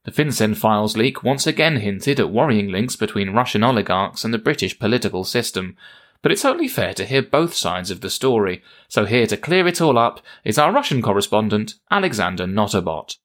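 A man's voice: fairly low pitch, lively intonation, a little fast. A man hosting a satirical news segment with a wry, mock-solemn delivery. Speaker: host.

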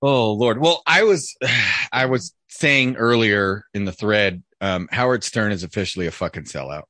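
Homem de voz grave e seca. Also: male voice, on the low side, expressive, moderate pace, pushed and bright, dry recording. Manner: profane, rambling storytelling. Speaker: podcast host. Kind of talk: casual podcast chat.

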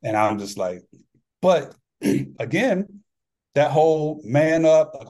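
Appearing on a podcast, this former athlete turned author speaks slowly in a slightly high, somewhat mellow voice with wide pitch swings. He tells a personal story candidly, earnest and reflective, voicing the dialogue himself.

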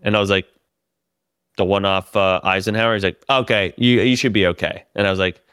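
A man telling profane, animated stories about a comedy tour in casual podcast chat. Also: on the low side, fairly quick, clear, resonant tone, no room sound, studio quality. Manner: profane, animated storytelling with laughs.

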